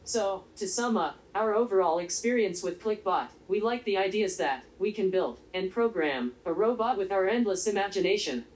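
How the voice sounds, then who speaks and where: This is a synthetic, female-sounding robot voice with a monotone delivery. It narrates a scripted review in formal, polite phrasing, keeping an even pace at a middle pitch. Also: normal speed, hardly any pauses, low-quality recording.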